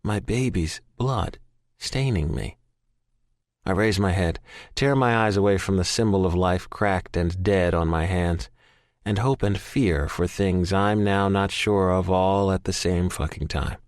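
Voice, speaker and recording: A man's voice: sits low, unhurried, dry recording, studio quality. A man narrating a first-person romance audiobook in a raw, emotional, profanity-laced way.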